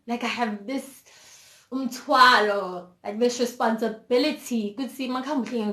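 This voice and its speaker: In a personal storytime for her vlog, a young South African woman from Zulu country opens up emotionally and candidly, moving between English and Zulu. She has a fairly high, slightly bright voice at a moderate pace, and the room echoes noticeably.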